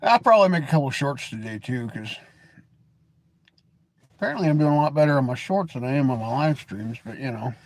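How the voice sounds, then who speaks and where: A man's voice: mid-range voice, expressive, fairly quick, pauses often, no echo. A middle-aged man hosting a live stream, chatting loosely with folksy, opinionated ranting. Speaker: livestream host. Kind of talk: rambling live stream chat.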